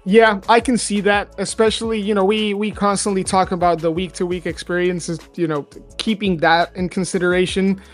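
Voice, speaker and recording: A man's voice: sits high, flat delivery, normal speed, few pauses, faint music behind. A man co-hosting a podcast, talking in a casual, rambling way and correcting himself as he goes. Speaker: podcast co-host. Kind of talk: casual chat.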